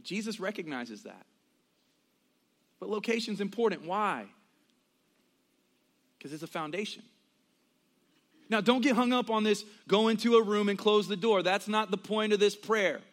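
High-voiced young man preaching a sermon. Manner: conversational preaching with quick asides and acted quotes. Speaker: pastor.

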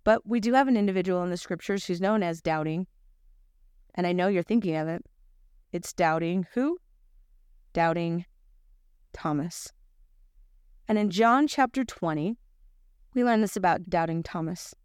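A middle-aged woman teaching a Bible lesson, telling a personal story with lively voices for the people in it. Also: on the low side, moderate pace, clean tone, dry recording, studio quality. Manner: animated storyteller, acts out quoted voices.

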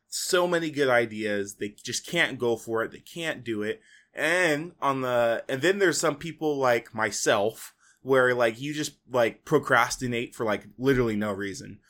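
A man's voice: mid-range voice, a bit bright. A young man hosting a solo podcast, talking in a casual, rambling way full of "like" and "you know". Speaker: podcast host.

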